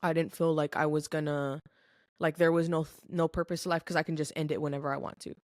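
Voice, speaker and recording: A woman's voice: deep voice, flat delivery, fast talker, a little mellow, no echo, clean studio sound. A young adult woman telling a personal story as a podcast guest, candid and earnest, with lots of filler "like". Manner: candid, filler-heavy speech with frequent "like"; earnest and emotional. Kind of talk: personal testimony in casual chat.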